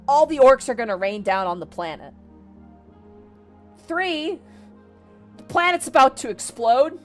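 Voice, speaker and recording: Excitable fast-talking woman streamer. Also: fairly high pitch. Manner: excitable, rapid, swears freely, laughs mid-sentence. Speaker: VTuber streamer. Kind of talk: casual retelling of a novel to a stream chat.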